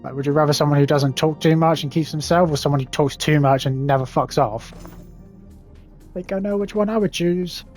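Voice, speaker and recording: A man's voice: a little high, brisk, a little mellow, soft background music. A young man reading in-game text aloud, stumbling over long words and adding sarcastic, sweary asides. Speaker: gaming YouTuber.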